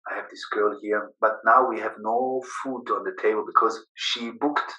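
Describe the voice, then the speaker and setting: A man telling his own story in emotional, halting, broken English. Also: fairly low pitch, steady tone, sharp tone, far from the mic. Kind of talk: personal storytelling. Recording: echoey room, voice away from the mic.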